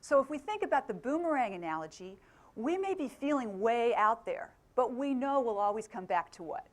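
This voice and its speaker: A middle-aged woman gives a motivational talk, with a fairly high voice. She keeps the room involved, throwing questions at the audience and laughing easily. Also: sing-song, moderate pace. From England. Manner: engaging, asks the audience questions, laughs often. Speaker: motivational speaker.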